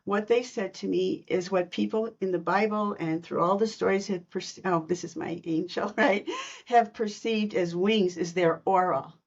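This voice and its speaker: A woman guest telling personal stories in a podcast interview, lively and laughing between lines. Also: medium pitch, normal speed, highs cut off. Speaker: guest, intuitive reader.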